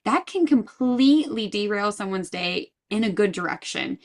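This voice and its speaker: A woman's voice: medium pitch, expressive, normal speed. Earnest woman guest on a podcast. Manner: earnest, thoughtful, restarts often. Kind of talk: casual interview chat.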